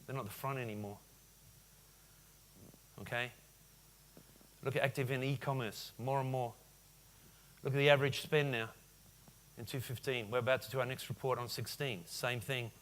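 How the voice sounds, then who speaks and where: A man in his forties giving a lively business keynote at a conference, often firing questions at the audience. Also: mid-range voice, a little hiss or hum. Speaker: conference speaker. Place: conference hall.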